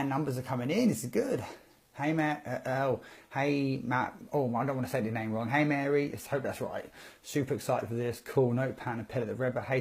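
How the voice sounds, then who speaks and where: An upbeat man hosting a casual live stream, talking straight into his phone or webcam. His pitch sits in an ordinary middle range, and his chatter is loose and rambling, with quick friendly hellos scattered through it. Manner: upbeat, greets viewers by name, rambling. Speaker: network marketing presenter. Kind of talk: casual Facebook Live talk.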